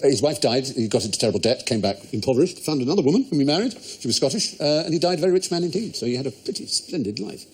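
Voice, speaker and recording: A quiz show host telling a wry, playful story to a panel in a TV studio. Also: male voice, mid-range voice, lively intonation, very fast, few pauses, a little mellow, slightly rough. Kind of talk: hosting a comedy panel quiz. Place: TV studio with audience.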